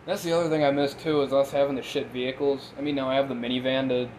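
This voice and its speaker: A man's voice: mid-range voice, steady tone, rapid-fire, a crowd in the background, low-quality recording. Laid-back young man swapping stories. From Minnesota. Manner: laid-back, swears freely, laughs while telling stories. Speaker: podcast host. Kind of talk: casual chat.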